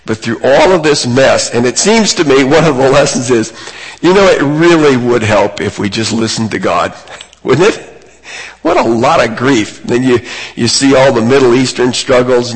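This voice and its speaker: A man's voice: medium pitch, husky. A man preaching a sermon in an earnest, emphatic way, lifting his voice on key points. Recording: long reverb of a large hall.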